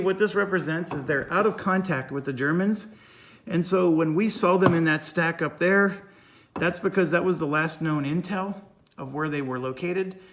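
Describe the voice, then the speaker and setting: A man's voice: on the high side, fairly bright tone. A man talking through a solo board game playthrough, reading rules aloud and thinking through his moves, coughing a little.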